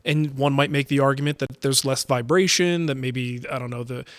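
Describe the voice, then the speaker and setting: A man co-hosting a woodworking podcast in relaxed casual chat, laughing easily. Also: medium pitch, a little fast, no room sound. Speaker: podcast co-host.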